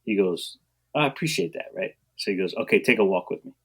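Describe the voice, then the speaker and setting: A man, a guest on a podcast, telling stories about his coaching career in an animated way, acting out what people said and laughing often. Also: sits low, fast talker, breathy edge. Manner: animated storyteller, acts out quotes, laughs often. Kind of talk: storytelling in a podcast interview.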